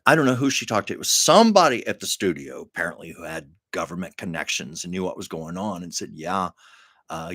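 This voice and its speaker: Older man, live-stream host, earnest emotional storytelling, lowish voice, dry close sound. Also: a bit bright, no echo.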